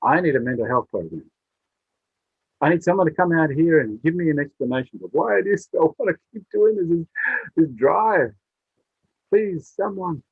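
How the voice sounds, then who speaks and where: A forlorn little weaver bird from a told story pleads and whines in a high, strained voice, as a man puts it on. The voice is husky and thin, with a tinny, phone-like sound. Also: lively intonation, moderate pace, long pauses, no echo. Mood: pleading. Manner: pleading, whiny.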